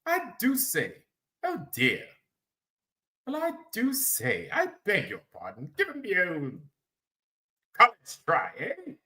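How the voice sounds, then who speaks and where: A man putting on an exaggerated posh British gentleman who is indignant and prim. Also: sits high, huge pitch swings, slow pace, pauses often, voice pushed up, exaggerated voice. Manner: huffy, prim exclamations.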